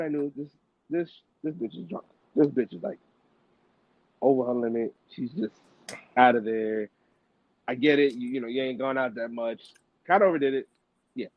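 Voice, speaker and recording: A man's voice: medium pitch, brisk, no echo. A man hosting a podcast, telling a casual story with loose slang, lots of restarts and fillers. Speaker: podcast host. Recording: dry tinny phone-like audio.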